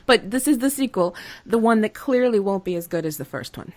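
A woman's voice: mid-range voice, fairly quick, no room sound. A woman hosting a playful comedy podcast quiz, joking and laughing as she runs the game. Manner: playful, giggly, lively. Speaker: quiz host. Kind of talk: casual comedic podcast chat.

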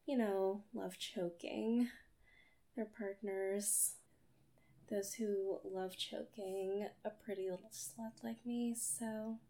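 A young woman talking casually to her listeners, breathless and dizzy, rambling and sometimes slipping into a soft whisper, close to the mic. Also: mid-range voice. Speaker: audio creator.

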